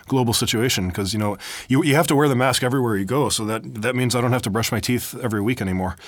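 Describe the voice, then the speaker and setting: An American man co-hosting a podcast, telling ironic jokes with a deadpan delivery in a studio. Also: mid-range voice, very fast, no room sound. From United States. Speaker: podcast co-host. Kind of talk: joking casual chat. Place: recording studio.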